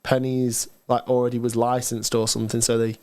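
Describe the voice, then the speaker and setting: Young male co-host, casual football-stream banter, fast nods of agreement, mid-range voice. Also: mid-range voice, completely flat delivery, darkish tone. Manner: chatty, quick agreeing "yeah, yeah". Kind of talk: casual chat.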